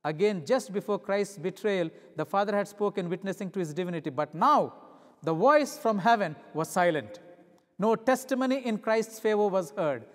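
A middle-aged male visiting pastor preaching a sermon, moving between loud emphatic peaks and hushed low passages and asking his listeners rhetorical questions. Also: lively intonation, normal speed. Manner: asks the congregation rhetorical questions. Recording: long hall reverb.

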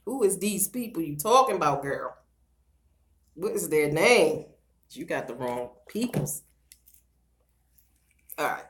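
A middle-aged woman chatting on a casual livestream, loud and playful, breaking into laughter and talking straight to her viewers while she does her hair at home. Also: sits low, slow, pauses often. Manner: slangy and animated, talks straight to viewers. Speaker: vlogger doing a livestream.

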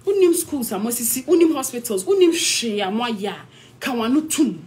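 Scolding Ghanaian woman, animated pitch. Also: brisk. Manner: confrontational, scolding, mixes English with Twi. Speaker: actress. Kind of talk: heated social media rant.

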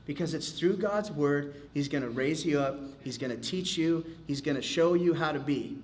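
Brief: male pastor, casual animated teacher, slightly high-pitched, loose conversational delivery. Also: moderate pace. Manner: animated, casual, acts out quotes, many fillers. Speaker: pastor leading a men's Bible study.

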